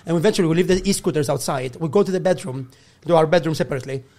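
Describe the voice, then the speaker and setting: A man with a fairly high voice tells a rowdy anecdote on a comedy podcast. He acts out each person in the story, swears freely and keeps breaking into laughter. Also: rapid-fire, a little mellow. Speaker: guest comedian. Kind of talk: casual storytelling.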